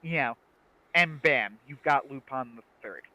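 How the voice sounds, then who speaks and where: A man's voice: medium pitch, unhurried, pushed and bright, no room sound, poor audio. A man co-hosting a livestream, chatting casually and making emphatic, opinionated points. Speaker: livestream co-host. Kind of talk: casual chat.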